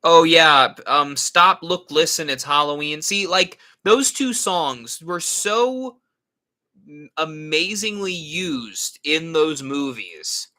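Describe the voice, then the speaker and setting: Animated bright-voiced young-sounding man. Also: fairly high pitch, slow pace. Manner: rambling, answers viewer comments. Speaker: horror channel host. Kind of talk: casual live stream chat.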